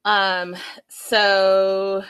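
A woman in her thirties chatting casually to her viewers as she recaps a reality show, animated and talking straight to them. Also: medium pitch, extremely slow, clear, resonant tone.

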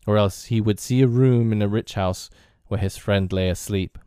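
A man narrating a classic novel as an audiobook in a measured, deliberate reading. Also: on the low side, fairly even intonation, warm tone, clean tone, no echo, studio quality.

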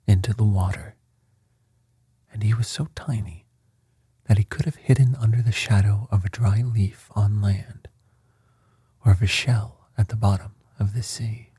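A man reads a storybook aloud, unhurried and soft, often dipping into whisper. His voice is low, dark and very breathy, recorded close and dry. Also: steady tone, no room sound.

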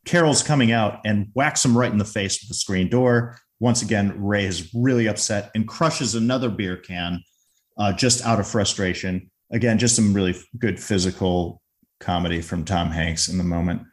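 Low-voiced man recapping a film scene. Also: normal speed. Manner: recounts scenes, briefly acting out lines. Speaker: podcast co-host. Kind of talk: casual movie discussion.

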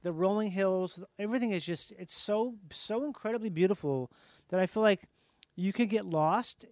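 A man in casual chat, animated and jokey, swearing freely. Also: high voice, normal speed, no room sound.

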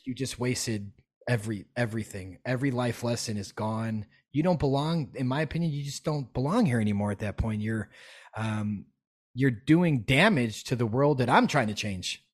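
A man talking as a podcast guest, animated and emphatic, swearing freely as he makes his points. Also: mid-range voice, moderate pace. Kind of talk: casual podcast conversation.

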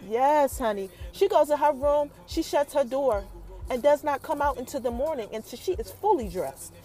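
A woman casually recapping a TV episode for her viewers, chatty and animated, who keeps calling out to them. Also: sits high, moderate pace, faint music behind.

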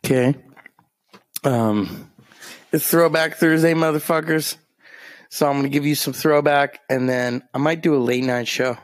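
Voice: medium pitch, steady tone, moderate pace, dry recording. A streamer rambling through a profane, meandering story in a casual monologue.

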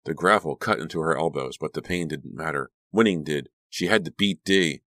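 Deep-voiced man reading dramatically. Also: moderate pace, pushed and bright, no echo, studio quality. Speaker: audiobook narrator. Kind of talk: audiobook narration.

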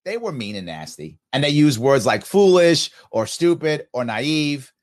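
A man in his fifties, a podcast host, talking casually and reading out listener comments with emphatic, animated delivery. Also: fairly high pitch, a little slow. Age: 50s. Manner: animated, emphatic, quotes others in exaggerated voices.

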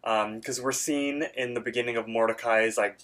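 Male co-host, medium pitch, casual chatter, filler-heavy, throws in bits of character voices. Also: moderate pace. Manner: rambling, filler-heavy, animated quoting of characters. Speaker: podcast co-host. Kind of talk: casual chat recapping a cartoon episode.

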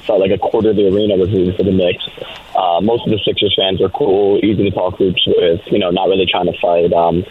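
Hoarse male caller on a train phone. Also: low voice, little pitch movement, quick pace. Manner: casual, chatty. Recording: phone line with faint noise.

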